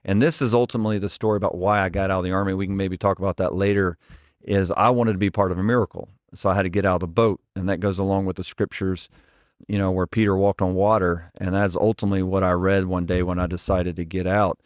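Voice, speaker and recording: Man, forties, earnest, direct, storytelling, deep-ish voice, dry muffled audio. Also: fairly even intonation, fast, no echo. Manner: earnest, direct, frequent restarts. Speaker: ministry leader, podcast guest. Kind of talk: conversational interview storytelling.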